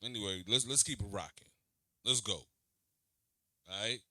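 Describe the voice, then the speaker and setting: Animated man reacting to a clip. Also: on the low side, measured pace. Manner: animated, slangy, repeats himself, talks back to the clip. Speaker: host reacting to an interview clip. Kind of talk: reaction commentary.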